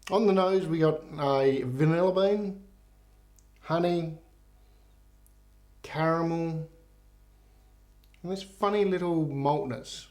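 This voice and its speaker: A man's voice: a little high, takes it slowly, long pauses, darkish tone. A man reviewing whisky in a loose, rambling, casual way, swearing freely. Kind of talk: casual joke-telling and review.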